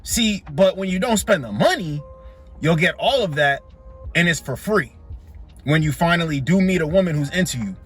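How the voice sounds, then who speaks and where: A man's voice: fairly high pitch, animated, normal speed, fairly bright tone, breathy edge, soft background music. A man giving blunt, preachy reaction commentary who repeats his points for emphasis.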